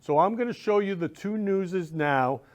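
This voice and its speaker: A man's voice: high voice, normal speed. Gushing, effusive male talk-show host. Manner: gushing, emotional, rambling. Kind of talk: casual chat.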